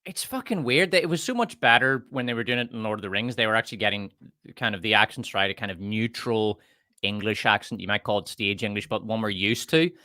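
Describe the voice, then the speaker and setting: A man with a bright, forceful voice rants through a casual livestream panel chat, swearing freely and leaping up in pitch when he gets worked up. His voice is close and dry, with no room around it. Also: quick pace, dry recording. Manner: profane, emphatic ranting with big pitch swings.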